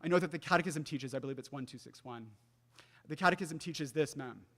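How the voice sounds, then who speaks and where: A young man delivers an earnest faith talk in a fairly high voice, telling stories and often sinking to a hush. His voice rings with a long reverb, as if heard across a large hall. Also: fairly quick. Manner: earnest, storytelling, often drops to a soft hush. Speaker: speaker giving a talk. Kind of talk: faith lecture with a personal story.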